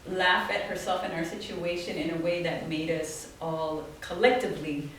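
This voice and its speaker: A woman telling animated stories at a talk, often laughing and acting out the voices of people she quotes. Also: lowish voice, normal speed, recorded from a distance. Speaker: guest artist. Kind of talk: storytelling talk. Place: small office event space. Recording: very echoey room, from off-mic, faint noise.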